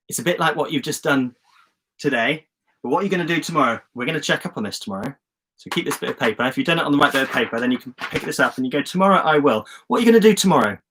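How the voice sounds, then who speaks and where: A man from England leading a casual live-streamed session, talking in a fairly high, upbeat voice. He coaches his viewers warmly, cheers on their comments and keeps things loose and chatty over a webcam. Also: slightly rough. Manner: chatty and encouraging, reads out viewer comments with lively enthusiasm. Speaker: host of a live online journaling session. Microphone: phone or webcam on a live stream.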